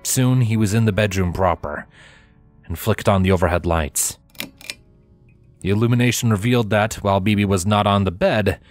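A man reading a fanfiction story aloud in an expressive storytelling manner. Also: deep voice, dry recording. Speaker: fanfiction reader. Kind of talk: audiobook narration.

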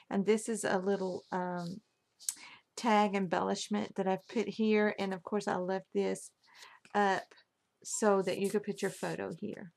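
Gravelly, flat-voiced woman showing crafts. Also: mid-range voice. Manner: gushing, admiring each detail. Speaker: crafter showing a handmade album. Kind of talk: casual craft show-and-tell.

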